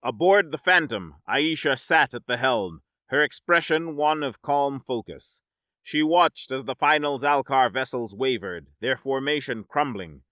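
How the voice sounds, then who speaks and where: A man narrating a science-fiction story in a dramatic, measured audiobook style. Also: mid-range voice, animated, bright, forceful tone, no room sound, clean studio sound.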